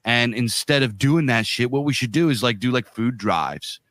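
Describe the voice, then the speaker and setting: A man's voice: medium pitch, normal speed, fairly bright tone, dry recording. A man in his thirties or forties co-hosting a podcast, talking bluntly in casual chat with lots of profanity and slang. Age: 30s to 40s. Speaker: podcast co-host.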